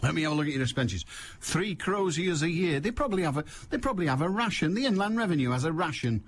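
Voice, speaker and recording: A man's voice: a little high, expressive, fast, slight background noise. A man hosting a call-in radio show, talking in a wry, digressive, jokey monologue. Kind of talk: rambling comic monologue.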